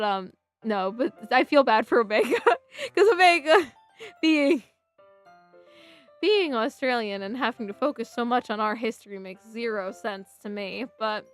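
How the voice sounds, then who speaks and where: A woman's voice: on the high side, a bit bright. A young American woman streaming a game, chatting in a rambling way, answering chat messages aloud and laughing often. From United States.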